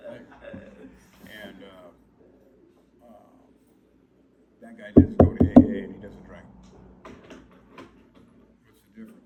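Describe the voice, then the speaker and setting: A man's voice: medium pitch, takes it slowly, long pauses. A middle-aged man sharing his recovery story at a meeting, blunt and profane, with loose asides and chuckles. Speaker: AA speaker. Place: meeting room. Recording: noisy room recording.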